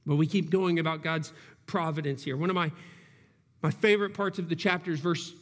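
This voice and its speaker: A man with a high-pitched voice preaches a sermon in a church hall with a long reverb. He works through his points earnestly, restarting phrases as he reasons aloud. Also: fairly even intonation, brisk, a bit bright. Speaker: pastor.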